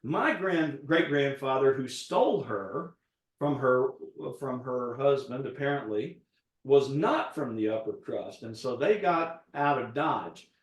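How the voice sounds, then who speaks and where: A man's voice: medium pitch, lively intonation, measured pace. A man, a guest chef, telling a rambling personal story in casual chat while cooking. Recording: roomy echo.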